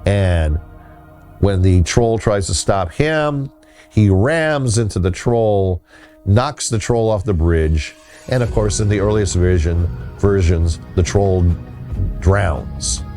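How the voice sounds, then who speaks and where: Low, mellow-voiced man rambling about folklore. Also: expressive, faint music behind. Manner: rambling, halting, with many restarts. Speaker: host. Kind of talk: casual folklore talk.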